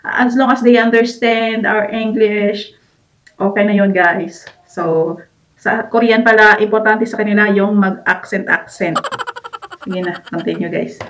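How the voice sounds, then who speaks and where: A woman's voice: medium pitch, fairly even intonation, a little slow, a bit bright. A woman from the Philippines with a Filipino accent, chatting casually as a reaction vlogger and laughing between remarks.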